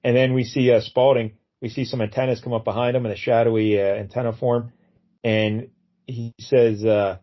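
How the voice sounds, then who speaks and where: A man's voice: mid-range voice, normal speed, muffled recording. A man casually retelling a comic book story as a podcast co-host, acting out the characters' lines in funny voices. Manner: animated, acts out quotes in funny voices.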